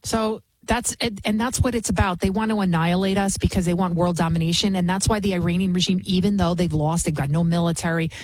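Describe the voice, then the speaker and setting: A woman's voice: lowish voice, fairly even intonation, fast, few pauses, a little mellow, dry recording. A woman hosting a commentary show, delivering a heated, emphatic opinion monologue with frequent restarts and repetition.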